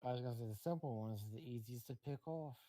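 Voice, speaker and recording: A man playing his character in a tabletop game, speaking calmly and wryly. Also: mid-range voice, fast talker, no room sound. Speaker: player.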